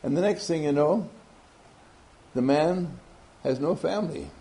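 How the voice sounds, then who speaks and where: A man's voice: on the high side, animated, measured pace, gravelly, warm tone, low-quality recording. A man giving a motivational talk, telling a story animatedly and often laughing. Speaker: motivational speaker.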